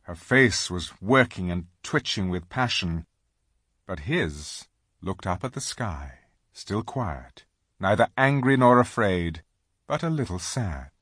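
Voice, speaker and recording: A man narrating a children's storybook aloud, slow and dramatic in his reading. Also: deep voice, big pitch swings, a bit bright, breathy edge, no echo, studio quality. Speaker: audiobook reader.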